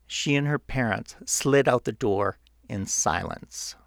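A man reading his own book aloud in a measured, earnest narrating style. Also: medium pitch, vocal fry, no echo, clean studio sound. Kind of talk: audiobook narration.

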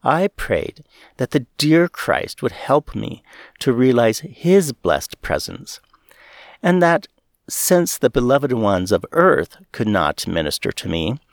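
A man reading a first-person memoir aloud in an earnest, measured audiobook style. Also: mid-range voice, no room sound, clean studio sound. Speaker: reader.

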